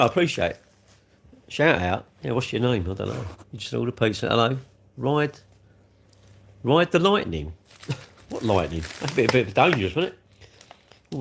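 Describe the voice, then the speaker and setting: This man's gravelly, medium-pitched voice carries a casual livestream where he eats cake. He is chatty and rambling, frequently breaking into chuckles.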